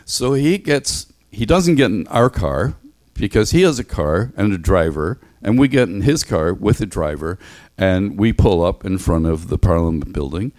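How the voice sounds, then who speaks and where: A man giving a sermon in a relaxed, anecdotal storytelling manner that closes in prayer. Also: low voice, normal speed. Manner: conversational, anecdotal, acts out voices in stories. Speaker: preacher.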